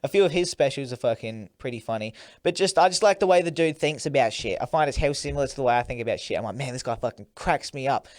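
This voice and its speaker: A man's voice: medium pitch, quick pace, few pauses, no room sound, clean studio sound. A young man co-hosting a podcast in casual chat, laid-back and sweary, laughing often. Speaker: podcast co-host.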